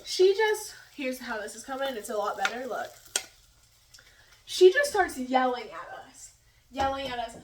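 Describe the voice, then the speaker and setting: Young woman, high voice, chatty and giggly, filming in her kitchen from a distance. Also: animated, normal speed, echoey room, slight background noise. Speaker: vlogger. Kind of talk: casual storytelling while cooking. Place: home kitchen.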